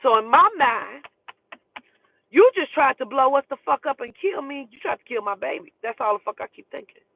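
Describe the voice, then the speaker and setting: A woman's voice: high-pitched, expressive, a little fast, gravelly, husky, no room sound. A woman telling a story in a casual, profane and emphatic way. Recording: tinny phone line, dry.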